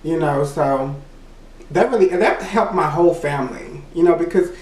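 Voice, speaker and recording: A man's voice: fairly high pitch, moderate pace, a little mellow. A young man from Louisiana, telling a candid personal story and rambling with lots of "you know". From Louisiana, USA. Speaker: vlogger. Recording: roomy echo, mic set far off.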